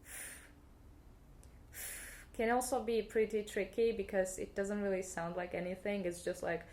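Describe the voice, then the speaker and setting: A woman's voice: mid-range voice, steady tone, darkish tone, a little hiss or hum. A woman with a Russian accent teaching the alphabet in a playful video lesson, repeating each sound for the viewer. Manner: playful, demonstrates sounds slowly and repeats them. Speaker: language teacher.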